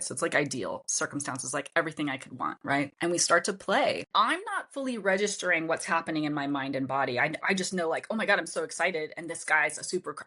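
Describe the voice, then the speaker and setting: A woman's voice: sits low, fairly bright tone, husky. A woman guest on an interview, telling candid personal stories in a frank, explicit, loose way with casual fillers.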